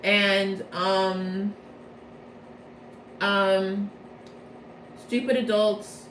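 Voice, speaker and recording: A woman's voice: mid-range voice, level tone, drawn-out words, a bit bright, slight background noise. Rambling, chatty woman in an echoey room. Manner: rambling, chatty, self-interrupting. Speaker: vlogger. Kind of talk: casual plot recap. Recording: echoey room, mic far off.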